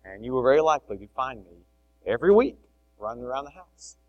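A middle-aged man preaching a sermon, animated, swinging between loud emphasis and soft asides. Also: medium pitch, fairly quick, dull audio. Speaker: pastor.

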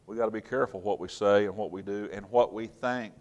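A man preaching a sermon with earnest emphasis, swinging between loud and soft and chatting in asides. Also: fairly low pitch, fairly even intonation, quick pace, lo-fi sound.

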